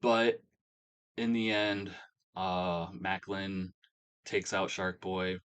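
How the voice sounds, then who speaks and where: A man's voice: low voice, fairly even intonation, extremely slow, fairly bright tone, clear, resonant tone. A man casually recapping a wrestling simulation game, rambling with many fillers. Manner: rambling, filler-heavy storytelling. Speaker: game commentator.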